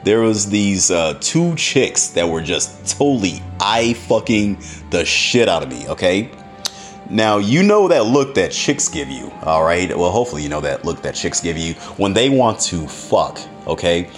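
A man tells a rambling personal story straight to his audience. His delivery is animated, with a pitch that leaps all over, and he swears freely and breaks into laughter. Faint music plays underneath. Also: measured pace. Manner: animated, profane, laughs often. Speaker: storyteller addressing viewers. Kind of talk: casual storytelling.

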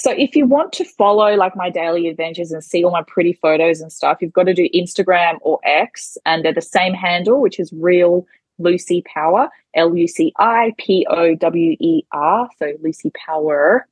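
A woman's voice: on the low side, moderate pace, few pauses, slightly rough, dry recording. An Australian woman chatting casually as a podcast guest, giggly and a bit self-deprecating. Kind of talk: casual interview chat.

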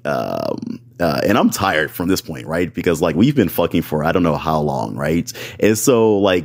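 A podcast host with a deep, darkish voice tells a story in casual, rambling talk packed with fillers. He keeps checking in with "right?" and calls his listeners "y'all".

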